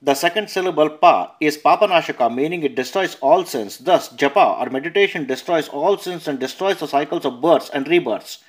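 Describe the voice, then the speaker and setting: A man reading a scripture translation aloud at a measured pace, announcing verse numbers and notes and sometimes correcting himself. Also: a little high, animated. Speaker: narrator.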